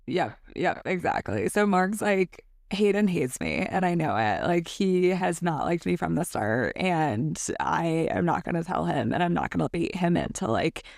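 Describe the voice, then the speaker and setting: A woman's voice: fairly low pitch, lively intonation, unhurried, vocal fry, few pauses, a little mellow, no echo, studio quality. A woman co-hosting a book podcast, casually recapping the plot and acting out characters' lines with plenty of swearing. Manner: retells scenes with acted-out quotes, swears freely.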